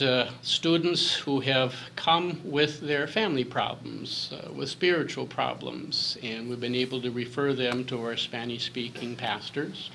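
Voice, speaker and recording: A man giving an earnest interview with hesitant pauses and fillers. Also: mid-range voice, gravelly, sharp tone, a little hiss or hum, low-quality recording. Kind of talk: interview testimony.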